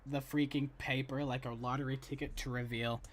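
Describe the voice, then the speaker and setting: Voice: medium pitch, level tone, brisk. Wry, sarcastic streamer voice. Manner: wry, sarcastic running commentary; reads and answers chat. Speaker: streamer reacting to an animated episode. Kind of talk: casual live-stream reaction.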